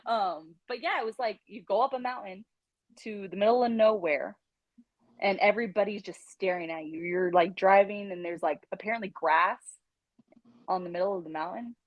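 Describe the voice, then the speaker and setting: A woman, a podcast guest, telling a candid personal story in an animated way, laughing often and acting out what people said. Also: medium pitch, moderate pace, dry recording. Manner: animated, laughing, acts out quotes. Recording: dull lo-fi dry sound.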